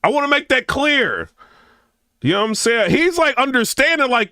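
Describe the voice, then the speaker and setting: A middle-aged man gives casual reaction commentary. His voice sits high and swings widely in pitch, with a bright, sharp edge. The recording is dry and close. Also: normal speed, no echo. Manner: animated, chatty, repeats "you know what I'm saying".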